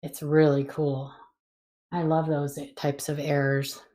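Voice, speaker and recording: A woman with a fairly low voice chats on a casual panel stream. She thinks out loud and throws in curious questions. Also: level tone, takes it slowly. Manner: chatty, thinks aloud, asks questions. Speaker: co-host on a panel. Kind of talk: casual chat.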